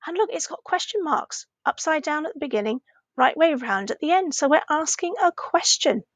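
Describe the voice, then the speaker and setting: A woman teaching a recorded lesson for children, slowly modelling phrases with a clearly rising question tone and patient, encouraging talk. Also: sits high, expressive, a bit bright, no echo. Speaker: primary Spanish teacher.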